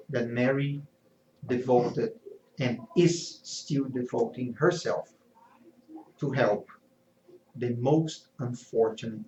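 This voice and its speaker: Male lecturer, spiritual talk, earnest and measured, unhurried, roomy hall echo. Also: medium pitch, darkish tone, a little hiss or hum. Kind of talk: spiritual lecture and poem reading. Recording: echoey, slightly dull hall recording.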